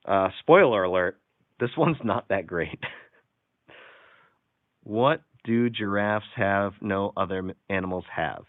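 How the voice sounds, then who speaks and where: A man's voice: on the low side, slow, pauses often, no room sound. A man hosting a casual live stream, reading out silly jokes and viewer comments with frequent chuckles. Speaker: livestream host. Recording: tinny, phone-like sound.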